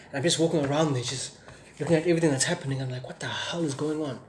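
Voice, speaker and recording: A man's voice: on the high side, slight background noise. A young man from South Africa giving a personal testimony in an earnest way, with many fillers and restarts and an occasional stutter. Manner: stutters sometimes. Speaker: testimony speaker.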